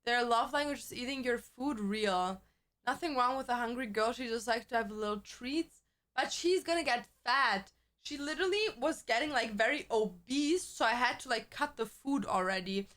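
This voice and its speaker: A woman's voice: on the high side, normal speed, a bit bright. A woman from Germany, chatting casually with her viewers as a streamer, rambling and swearing freely.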